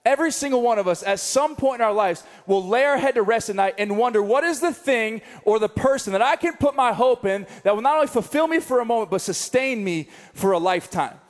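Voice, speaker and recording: A young man preaching a sermon, telling a story with animated comic asides. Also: very high voice, brisk, few pauses. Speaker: pastor. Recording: long reverb of a large hall.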